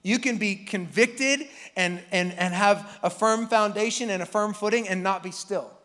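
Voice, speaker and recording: A man's voice: high-pitched, moderate pace, sharp tone, in a large hall. A man preaching a casual, joking sermon as pastor, acting out Bible characters with the congregation. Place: church hall.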